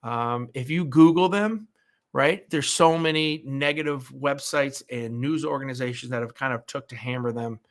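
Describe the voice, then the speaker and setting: A man's voice: mid-range voice, normal speed. A man hosting a podcast, talking casually on his own, rambling, repeating words and asking "right?" again and again. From United States. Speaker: podcast host. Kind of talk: casual solo commentary.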